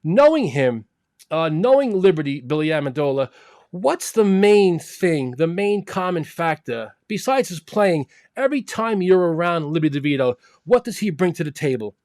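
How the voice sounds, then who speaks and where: Higher-voiced male host, dry sound. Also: very animated, normal speed, a little mellow, dry recording. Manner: friendly, calls guests bro. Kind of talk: live online show hosting.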